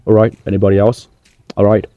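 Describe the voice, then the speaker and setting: A man's voice: lowish voice, flat delivery, fast, narrow, tinny audio, soft background music, close to an everyday voice. A man playing a boastful male wrestling star who rambles through a comedy press conference. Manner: cocky, rambling, self-praising. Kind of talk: comedy sketch.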